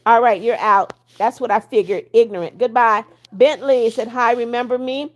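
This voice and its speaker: Woman on a live stream reading chat out loud, kinda high voice, strict and blunt with people. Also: fairly even intonation, normal speed. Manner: firm and strict with viewers, blunt. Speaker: livestream host. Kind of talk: casual livestream chat, reading viewer comments aloud.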